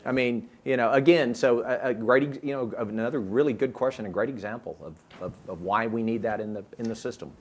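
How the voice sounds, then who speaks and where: A man's voice: mid-range voice, brisk, hardly any pauses. A man on a panel making an emphatic point about providers and pay. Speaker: panel participant.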